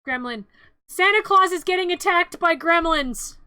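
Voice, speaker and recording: A woman streamer giving a comedic movie recap, playful, jumping into loud excited outbursts. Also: very high voice, moderate pace, dry recording.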